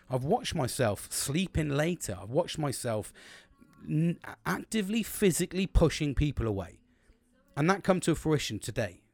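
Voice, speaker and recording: A man's voice: medium pitch, dry recording. A man with a British accent hosting a solo podcast, talking bluntly and confessionally and swearing a lot. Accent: British English. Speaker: podcast host.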